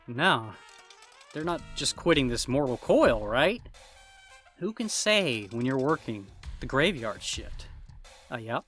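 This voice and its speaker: A man's voice: medium pitch, fairly bright tone. A man giving a wry, jokey scripted review of a horror movie, rambling at times. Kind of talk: casual scripted review narration.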